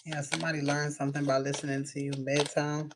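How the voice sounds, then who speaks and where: Woman, spiritual reader, flat delivery, clear noise and keyboard clicks behind her. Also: low voice. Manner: rapid-fire blunt messages, frequent "all right" and cursing. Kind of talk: casual intuitive reading to viewers.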